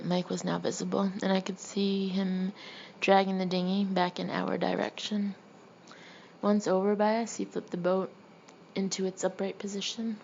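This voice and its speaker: A woman narrating a first-person memoir as an audiobook, with wry, deadpan humor. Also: medium pitch, normal speed, vocal fry, lo-fi sound, slight background noise.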